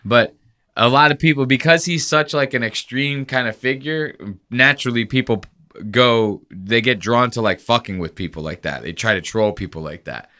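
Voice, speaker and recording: A man's voice: medium pitch, moderate pace, bright, forceful tone. A man hosting a podcast, chatting casually in a crude, joking, rambling way. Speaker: podcast host. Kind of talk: casual chat.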